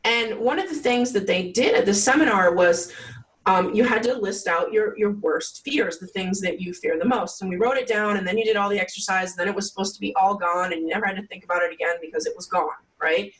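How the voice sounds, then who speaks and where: A woman's voice: mid-range voice, fairly quick, recorded from a distance, poor audio. A woman guest telling her story in a casual interview, chatty and full of "like" fillers. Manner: chatty, many "like" fillers, acts out quotes. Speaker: podcast guest.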